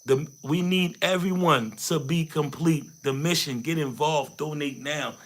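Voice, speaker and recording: A man hosts a hyped livestream from Haiti, pumping up his viewers and hammering each point home with repetition. His voice sits fairly high, and he talks like a preacher working the room. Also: a little slow. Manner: preachy, repeats phrases, rallies viewers. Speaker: livestream host. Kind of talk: hyped motivational livestream chat.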